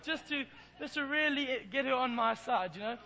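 A man's voice: extremely high pitch, moderate pace, vocal fry, bright, forceful tone, rough recording. An Englishman preaching in church, telling a self-deprecating, playful story. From England. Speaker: pastor. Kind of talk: sermon with humorous storytelling.

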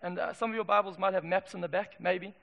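A man preaches in a church with a high, gravelly voice. His delivery lurches from loud emphatic declarations to hushed asides. His voice rings with a bright edge and carries long hall reverb. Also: steady tone, quick pace, lo-fi sound. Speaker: pastor. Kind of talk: sermon.

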